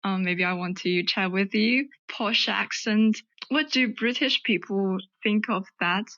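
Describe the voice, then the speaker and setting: A woman's voice: medium pitch, unhurried, fairly bright tone. A woman from China calling in to chat, hesitant and full of fillers. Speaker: caller. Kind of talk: casual chat. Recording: lo-fi audio.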